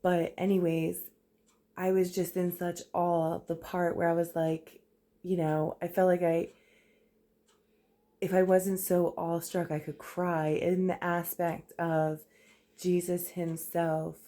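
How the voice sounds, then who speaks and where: A young woman in a casual vlog, talking hushed and soft while gushing excitedly with lots of fillers. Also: lowish voice, takes it slowly. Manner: hushed, soft talking so a sleeping baby stays asleep. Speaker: vlogger. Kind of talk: casual faith vlog retelling a show.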